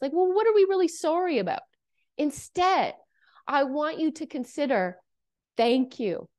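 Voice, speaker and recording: A woman's voice: a little high, darkish tone. A woman from Canada talking to camera about everyday habits in an earnest, coaching way, often checking in with "okay?" and "right?". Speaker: self-help speaker. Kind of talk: casual monologue to camera.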